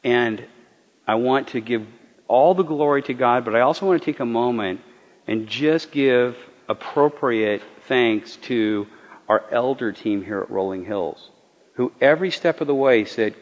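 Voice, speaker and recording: A man speaking as a pastor, giving an earnest, halting, confessional sermon testimony to his church. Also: medium pitch, lively intonation. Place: church hall. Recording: dull sound with long hall reverb.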